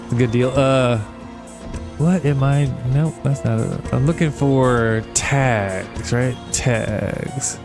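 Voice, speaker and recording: A young man hosting a gaming channel, telling long rambling stories and swearing casually while he plays, with quick jumps in pitch when he imitates people. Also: over music. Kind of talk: casual let's-play chat while gaming.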